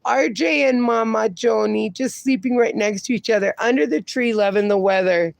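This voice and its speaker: A woman's voice: fairly high pitch, moderate pace, creaky, no echo. A woman hosting a livestream, reading viewer comments aloud and chatting casually, laughing often. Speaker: livestream host reading chat. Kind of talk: casual chat.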